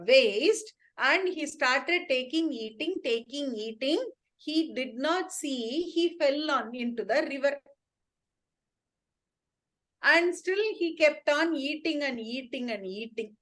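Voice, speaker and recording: An animated woman tells a bedtime story to children, pausing to ask them questions. Her voice is high and her pace slow and deliberate.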